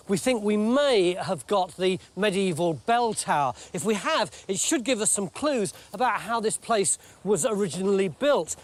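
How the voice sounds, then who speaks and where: Lively high-pitched English male presenter. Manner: lively, jokey. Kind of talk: documentary presenting and narration.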